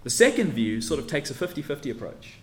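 A man preaches an expository sermon, teacherly and emphatic, pressing hard on key words as he lays out his points. His mid-range voice is very animated and quick. The room is echoey with faint ambience.

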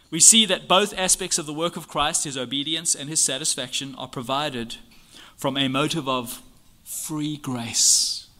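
A man's voice: a little high, pushed and bright. Earnest man teaching with rhetorical questions. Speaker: Bible teacher. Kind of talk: expository teaching on a church confession.

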